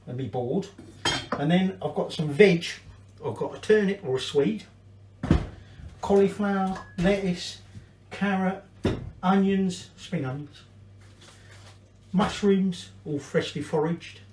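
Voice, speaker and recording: A man hosting a casual cooking video, rambling, swearing and drinking while he cooks. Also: a little high. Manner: rambling, swearing, tipsy asides. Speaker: cooking channel host. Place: home kitchen. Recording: echoey room, distant mic, faint kitchen noise. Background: clatter of pots and cutlery.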